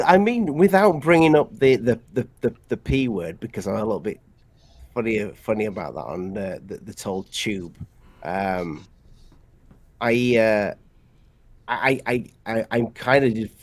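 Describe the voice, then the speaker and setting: A man's voice: mid-range voice, no room sound. Hesitant man on a dry mic. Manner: hesitant, stumbling, diplomatic. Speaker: panel guest. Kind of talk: casual live panel chat.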